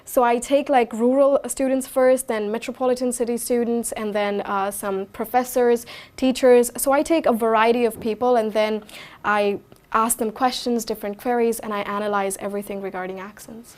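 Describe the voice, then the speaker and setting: Young woman, Indian English accent, interview guest; earnest explainer, slightly high voice. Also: steady tone, moderate pace, darkish tone. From Haryana, India. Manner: earnest, explanatory, fillers like "you know". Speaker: guest linguistics researcher. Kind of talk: interview answers.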